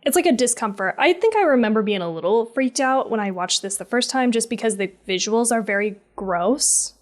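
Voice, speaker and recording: A woman co-hosting a relaxed podcast about a film. Her talk is loose and conversational, full of fillers. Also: a little high, a little fast. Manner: chatty, many fillers like "like". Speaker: podcast co-host. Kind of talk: casual movie review chat.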